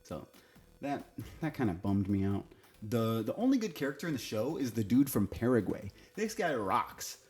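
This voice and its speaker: A man talks through a casual review in a blunt, opinionated way and swears without a second thought. His voice is warm and mellow, at an ordinary middle pitch. Faint music plays behind him. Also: big pitch swings, normal speed. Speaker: TV show reviewer.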